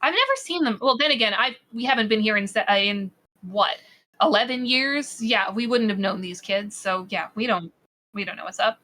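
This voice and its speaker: A woman's voice: medium pitch, expressive, normal speed, sharp tone. A woman playing a character in a tabletop game, offhand and hesitant. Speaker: player.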